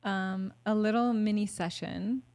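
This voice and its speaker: A woman's voice: mid-range voice, steady tone, measured pace, darkish tone. A woman guest on a podcast, talking candidly and animatedly, swearing now and then and acting out her own thoughts. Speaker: podcast guest, hypnotherapy practitioner. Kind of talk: casual podcast conversation.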